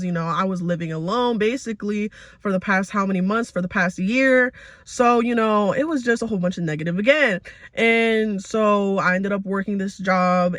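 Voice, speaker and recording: A man's voice: high-pitched, a bit bright, no room sound. A young man around twenty giving a casual, heartfelt personal faith testimony in a confessional way. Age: young adult. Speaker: vlogger.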